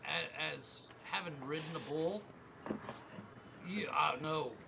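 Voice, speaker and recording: Gravelly joking man co-host. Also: on the high side, sharp tone. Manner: chimes in with jokes, halting restarts. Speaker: podcast co-host. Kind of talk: casual banter.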